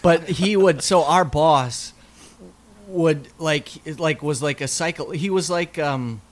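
A man's voice: a little high, slow. A young man telling a rambling anecdote in a casual chat, laughing often and restarting lines.

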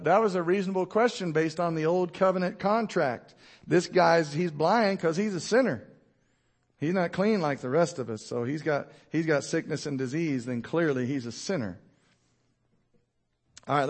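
Preaching a sermon, a male pastor acts out Bible characters in rapid voices and drops low and quiet whenever he wants emphasis.

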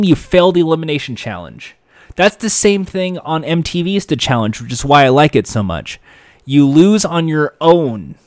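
A man giving casual, animated commentary, acting out quoted lines as he goes. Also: a little high, no room sound, clean studio sound. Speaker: reality TV commentator.

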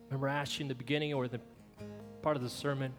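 A man's voice: mid-range voice, little pitch movement, rapid-fire. Male pastor, earnest pleading sermon, long church reverb, faint guitar behind. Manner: earnest, pleading, leads prayer. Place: church hall.

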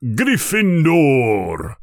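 A man reading a storybook aloud, voicing a wise old talking magic hat with a slow, drawn-out, musing manner and a low husky murmur. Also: wildly swooping pitch, no echo, studio quality, exaggerated voice. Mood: proclaiming.

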